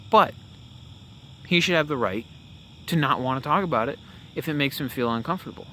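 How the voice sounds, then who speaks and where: Young man with a bright, rambling delivery. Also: a little high, expressive, a little fast, slight background noise. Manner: rambling, with many fillers and self-corrections. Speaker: podcast host. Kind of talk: casual opinion monologue.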